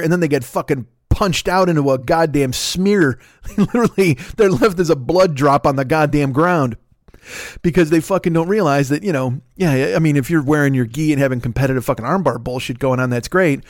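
A middle-aged man with a Chicago accent telling a profane, animated story in casual chat, swearing often and laughing between lines. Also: fairly high pitch, fairly quick, no room sound, clean studio sound. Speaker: podcast host.

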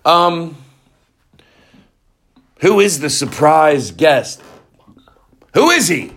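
A man's voice: fairly high pitch, expressive, drawn-out words, a bit bright, a little hiss or hum. A man hosting a comedy podcast, rambling and repeating lines for laughs. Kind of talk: rambling comic monologue.

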